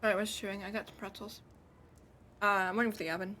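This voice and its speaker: A woman's voice: medium pitch, little pitch movement, fast talker, sharp tone, slight background noise. A woman streaming a video game, chatting casually with rambling asides. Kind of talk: casual live game commentary.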